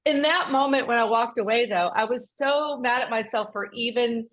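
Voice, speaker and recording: A woman co-hosting a faith-based podcast, chatting casually and telling a personal story in a lively, animated way with frequent restarts. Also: a little high, moderate pace. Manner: acts out quoted speech with raised voice. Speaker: podcast co-host.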